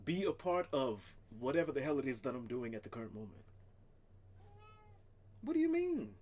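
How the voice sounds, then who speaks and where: A male streamer rants casually on a livestream. He swears freely and talks to his cat now and then. His pitch swings widely as he talks. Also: very animated, normal speed, darkish tone.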